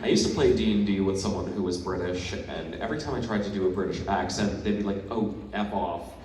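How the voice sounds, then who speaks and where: A man's voice: low voice, fast talker. A man on a convention panel answering fans in a blunt, joking manner. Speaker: voice actor panelist. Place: large convention hall. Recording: echoey hall from far off, noisy.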